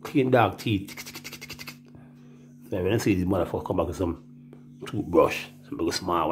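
A man's voice: low-pitched, moderate pace, long pauses, slight background noise. A man with a Jamaican accent, telling rambling, profane stories in casual talk and acting out the voices he quotes.

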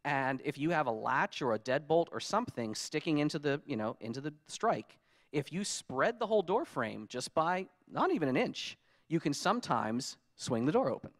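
A man speaking at a conference, his voice sitting a little high and swinging widely in pitch. He tells his stories with energy and acts out his own exasperated reactions. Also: moderate pace. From United States. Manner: lively storytelling, acts out his own frustrated quotes. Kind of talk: animated conference talk. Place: conference hall.

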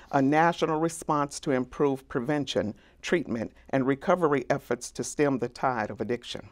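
Woman reading a formal introduction. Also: low voice. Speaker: program director, host. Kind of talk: scripted introduction.

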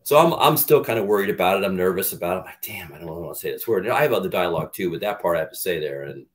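A man's voice: sits low, expressive, racing. A middle-aged man, an actor guest in an interview, telling candid stories in a rambling, casual way with lots of restarts.

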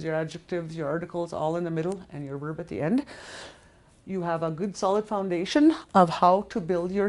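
A patient middle-aged woman teaches a language lesson at a steady, unhurried pace. Her voice sits a little low. She repeats each word several times and walks through it step by step. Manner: patient, repeats words slowly, explains step by step. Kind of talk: recorded language lesson at a board.

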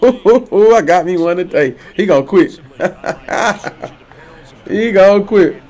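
A man streaming a football video game, trash-talking his opponent loudly with slang, swearing and laughter. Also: high-pitched, lively intonation, takes it slowly. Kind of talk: trash-talking gameplay commentary.

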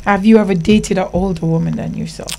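A woman's voice: medium pitch, fairly even intonation, fast, gravelly, dark tone. A woman hosting a radio show, asking short, probing questions in a casual chat. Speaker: radio host. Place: radio studio.

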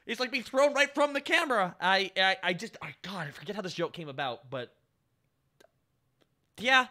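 A man's voice: high voice, animated, normal speed, bright, forceful tone. A man giving a rambling, casual creator commentary, with many restarts.

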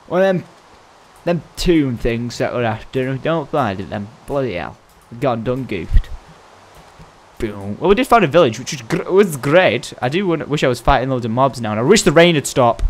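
A young man giving playful commentary while playing a game, with theatrical outbursts and bits of mock singing. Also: mid-range voice. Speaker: gaming video host. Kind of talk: Minecraft let's play commentary.

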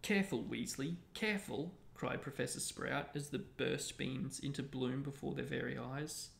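A man hosting a book discussion, narrating a novel aloud in a steady reading voice. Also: medium pitch, moderate pace, vocal fry. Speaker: host and book reader. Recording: echoey room, faint noise.

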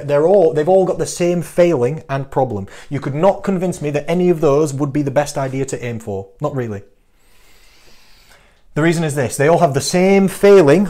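A man, a fitness coach giving an energetic, teasing talk to camera full of rhetorical questions. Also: fairly high pitch.

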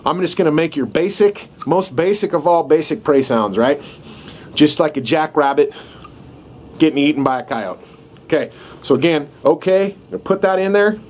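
A middle-aged man teaching outdoors how to use a game call, in a casual, folksy way that keeps checking in with "right?". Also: fairly high pitch. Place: outdoors in the country, dogs barking nearby. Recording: faint outdoor background noise.

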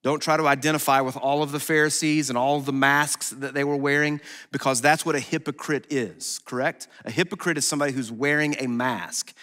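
A man pastor preaching a sermon in a conversational, animated way, acting out quotes as he goes. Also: medium pitch, fairly quick, few pauses. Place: church sanctuary. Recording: long hall reverb.

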